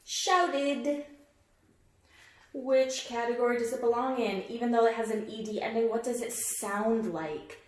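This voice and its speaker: A woman's voice: fairly high pitch, steady tone, moderate pace, few pauses, darkish tone, reverberant. A woman teaching a phonics lesson and reading a picture book aloud, patient and encouraging, stretching out word sounds for young listeners.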